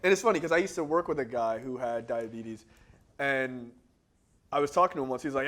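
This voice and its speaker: A man's voice: medium pitch, fairly quick, fairly bright tone. A man co-hosting a casual movie-review podcast, rambling through tangents, laughing often and acting out other people's lines. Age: adult. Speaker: podcast co-host.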